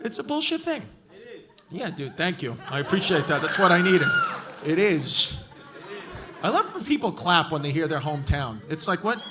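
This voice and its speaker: A man's voice: on the high side, very animated, moderate pace. A man doing crowd work as a stand-up comedian, brash and profane as he mocks hecklers in a large club. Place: large comedy club before a live audience. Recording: live club recording with crowd noise. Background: crowd laughing.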